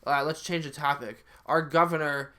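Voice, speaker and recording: A young man trades crude, profane jokes as a podcast co-host, laughing often. His voice sits fairly high and sounds bright and sharp. The talk is loose and casual. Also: steady tone, normal speed.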